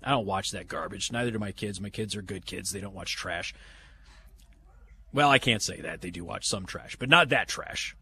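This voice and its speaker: A man's voice: lowish voice, normal speed, sharp tone, slight background noise. A man hosting a live talk radio show from an event venue, chatting in a folksy, opinionated way with sarcastic asides. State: has the hiccups. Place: live remote broadcast from a banquet venue.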